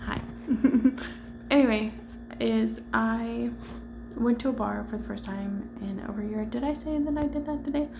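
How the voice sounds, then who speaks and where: Tired young woman, gravelly rambling chat. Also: on the high side, moderate pace, pauses often, background noise. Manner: rambling, candid, swears, many fillers and restarts. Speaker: vlogger. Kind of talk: casual chat to camera.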